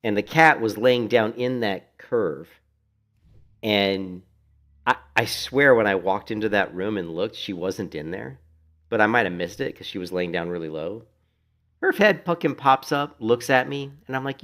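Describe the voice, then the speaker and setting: Playing and streaming from home in Florida, a middle-aged man keeps up casual chat, telling meandering stories and cursing without restraint in his laid-back way. He speaks at a normal speed in a lowish, slightly bright, animated voice.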